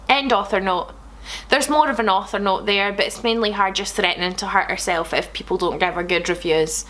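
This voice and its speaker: A young woman comedian reading bad fan fiction aloud, animated and sarcastic, swearing freely. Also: medium pitch, moderate pace. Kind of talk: comic read-aloud.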